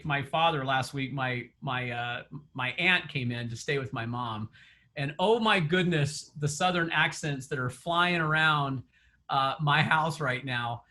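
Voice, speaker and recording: A man's voice: fairly high pitch, slow pace, bright, forceful tone. A man coaching real estate agents in an online session, chatty, laughing often and quizzing the audience.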